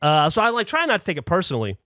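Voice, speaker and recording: Animated, swearing storyteller man. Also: high-pitched, racing, no echo, clean studio sound. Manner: animated, swears a lot, acts out quotes. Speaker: podcast host. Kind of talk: casual anecdote telling.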